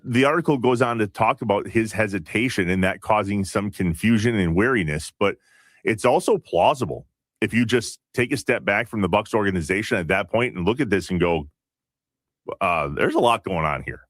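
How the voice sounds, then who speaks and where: A man co-hosting a sports radio show in casual talk, measured and questioning as he argues his point. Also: on the low side, no echo, studio quality.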